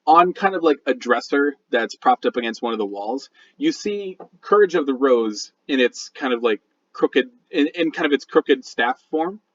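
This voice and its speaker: A man narrating a tabletop game as game master, in a slow, dramatic storytelling manner. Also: medium pitch, lively intonation, a bit bright, dull audio.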